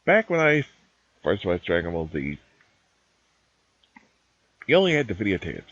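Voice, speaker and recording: A man's voice: sits low, huge pitch swings, moderate pace, fairly bright tone, no room sound. A man streaming live, chatting casually and rambling through opinions while he games. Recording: dull lo-fi dry stream mic.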